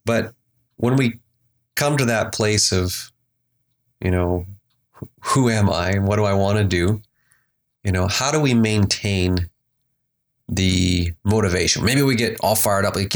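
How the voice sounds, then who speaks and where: A man giving a relaxed, conversational motivational talk on mindfulness, slowing down to lead breathing. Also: lowish voice. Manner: relaxed, conversational, slows for emphasis. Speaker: spiritual teacher. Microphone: desk microphone.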